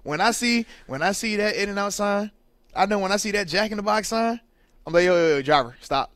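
A man co-hosting a sports radio show, playful and animated in casual banter. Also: high voice, brisk, no echo, clean studio sound. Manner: playful, animated, laughs and repeats words. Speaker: radio show co-host, former player. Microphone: studio microphone.

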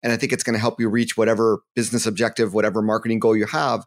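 A man's voice: on the low side, little pitch movement, rapid-fire. Earnest male guest giving advice. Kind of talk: interview answers.

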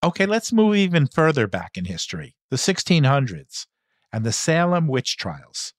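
A man's voice: fairly high pitch, sing-song, moderate pace, dry recording, studio quality. An American man hosting a podcast, asking a guest questions in a friendly conversational way. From United States. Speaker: podcast host. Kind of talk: interview questions.

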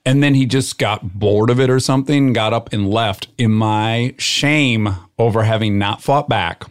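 A middle-aged man telling a story in casual chat, animated and acting out what people said. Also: on the low side, measured pace. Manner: animated storyteller, acts out quoted shouting.

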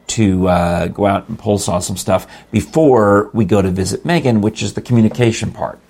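Gravelly older man rambling casually. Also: lowish voice, normal speed, a little mellow. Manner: rambling, restarts, chuckles often. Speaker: podcast co-host. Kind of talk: casual chat.

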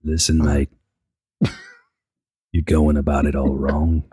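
A man voicing a calm, soft-spoken young man. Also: extremely low pitch, slow, slightly rough, pitched below the performer's own voice, exaggerated voice. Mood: soothing. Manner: mild, soothing, says mate and love.

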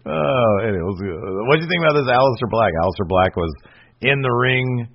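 A man co-hosting a podcast in casual chat, rambling and animated, with many fillers and restarts. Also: medium pitch, fairly quick. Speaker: podcast co-host. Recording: slightly muffled lo-fi audio.

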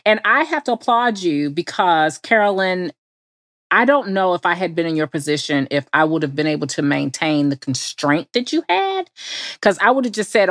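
A woman's voice: lowish voice, lively intonation, brisk, fairly bright tone, no room sound, studio quality. Effusive woman podcast co-host. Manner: effusive, encouraging. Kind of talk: podcast interview.

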